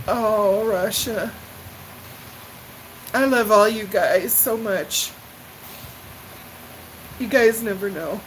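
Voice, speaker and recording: A woman's voice: mid-range voice, very slow, long pauses, a little hiss or hum, poor audio. An older woman chatting live with her viewers, emotional and tearful as she gushes her thanks. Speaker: livestream vlogger. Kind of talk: casual live chat with viewers.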